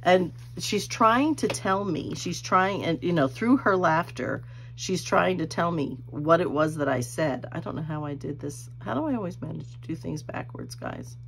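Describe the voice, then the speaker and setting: Low-voiced middle-aged lady rambling a story while crafting, laughs a lot. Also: animated, moderate pace, vocal fry, slight background noise. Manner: rambling, chatty, laughs often. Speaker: crafting channel host.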